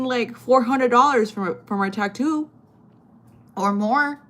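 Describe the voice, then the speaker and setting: Profane, rambling woman telling a story. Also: a little slow. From Chile, raised in the United States. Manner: rambling, profane, lots of fillers; gets loud and high when outraged. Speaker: storytime vlogger. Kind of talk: casual storytime chat.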